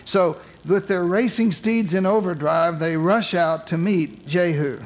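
High-voiced male preacher, joking storyteller. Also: measured pace, poor audio. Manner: storytelling with humorous modern asides. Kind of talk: sermon.

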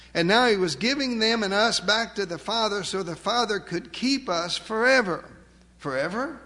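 A man preaching a sermon, emphatic, asking rhetorical questions and slowing down to stress key words. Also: high voice, bright, forceful tone, big-room sound. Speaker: pastor.

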